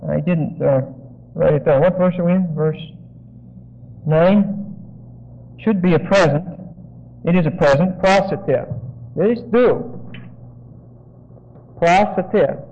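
A man's voice: fairly high pitch, steady tone, a little slow, gravelly, long pauses. A man giving verse-by-verse sermon teaching, explaining Greek grammar with digressions and frequent checks of "okay?". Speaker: Bible teacher. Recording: dull lo-fi sound.

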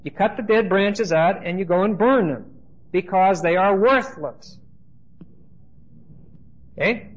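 A man's voice: sits high, expressive, slow pace, long pauses, muffled recording. A man teaching a congregation through Bible verses in a conversational way, often checking in with "okay?" and making asides during a church service. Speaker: pastor.

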